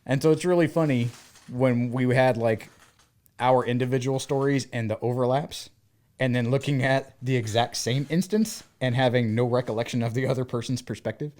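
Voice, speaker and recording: At normal speed and medium pitch, a man in his thirties from the American South chats on the podcast he co-hosts. His stories come alive as he performs the quoted dialogue.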